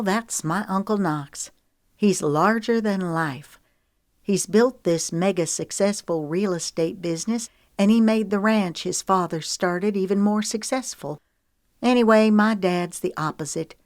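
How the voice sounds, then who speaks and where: A woman's voice: mid-range voice, a little slow, dry recording, clean studio sound, pitched above the performer's own voice, natural voice. A woman narrator voicing a guarded young female reality show contestant with a wry, candid manner.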